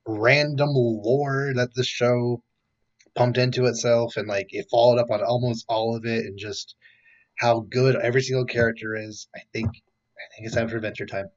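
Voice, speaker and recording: Co-host, male, 20s, deliberate and even-keeled, mid pitch, dull lo-fi sound. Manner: measured, deliberate, weighs his words. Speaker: podcast co-host. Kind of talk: casual chat.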